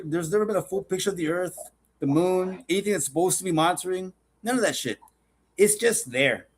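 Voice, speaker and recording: Podcast co-host, man, high-pitched, stammering and profane, ranting in casual chat. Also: a little hiss or hum. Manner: rambling, stammering restarts, swears a lot, gets worked up.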